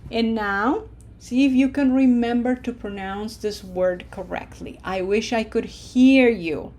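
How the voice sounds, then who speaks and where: A woman teaching Spanish verb endings, drilling each form slowly and encouraging her students. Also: on the high side, darkish tone. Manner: slow, deliberate drill pronunciation with encouraging asides. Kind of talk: language lesson.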